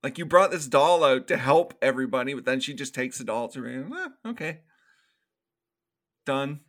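A man co-hosting a casual movie review podcast, animated and profane, acting out scenes in quoted voices. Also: mid-range voice, fairly quick. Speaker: podcast co-host.

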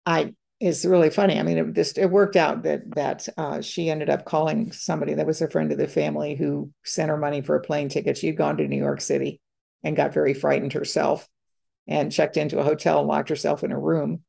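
Older female guest, gravelly fry, halting storyteller who quotes others. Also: sits low, level tone, warm tone. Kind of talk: personal storytelling in conversation.

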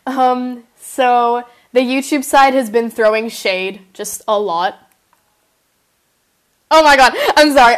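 A young woman hosting a podcast, chatting casually in a giggly, gushing way with many fillers and apologies. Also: mid-range voice. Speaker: podcast host. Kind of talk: casual chat.

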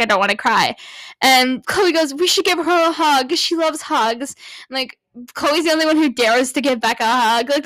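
A woman's voice: sits high, a bit bright, no echo. A young woman vlogger casually recapping a movie with many fillers, giggling and gushing like a fan. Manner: rambling, filler-heavy, giggly; gushing, fannish.

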